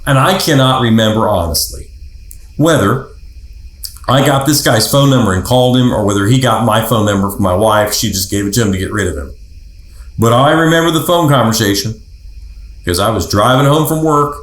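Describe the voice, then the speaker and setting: A man's voice: medium pitch, moderate pace. A man hosting a podcast, telling a personal anecdote casually and acting out the people in it. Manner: animated, acts out the voices of people in his anecdotes. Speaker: podcast host. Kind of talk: casual storytelling. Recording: roomy echo.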